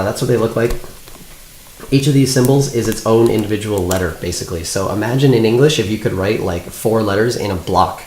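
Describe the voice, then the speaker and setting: A man's voice: lowish voice, darkish tone. A young man from Canada chatting casually as a vlogger in his apartment, laid-back and full of "like". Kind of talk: casual chat. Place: apartment room. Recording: echoey room, faint noise.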